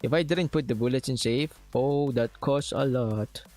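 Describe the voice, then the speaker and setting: A man's voice: mid-range voice, moderate pace, darkish tone, soft background music. A young man giving live commentary as he plays a shooter. He talks to his chat in an annoyed, swearing way. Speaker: streamer.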